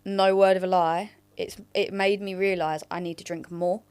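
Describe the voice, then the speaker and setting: A woman's voice: fairly low pitch, little pitch movement, normal speed, a little mellow, smooth. A young woman from England co-hosting a podcast, telling rambling stories in a casual chat. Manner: chatty, rambling storyteller. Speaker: podcast co-host.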